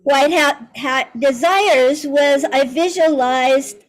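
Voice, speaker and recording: High-voiced woman sharing a story. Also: slow pace, low-quality recording. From United States. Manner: earnest, reflective storytelling. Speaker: community member sharing a story. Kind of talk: casual testimonial on a group call.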